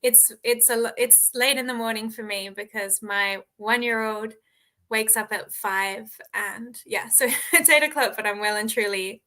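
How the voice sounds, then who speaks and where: Bubbly Australian woman, bright voice. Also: on the high side, fairly even intonation, a little slow. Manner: bubbly, laughs often. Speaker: guest author. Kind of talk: casual interview chat.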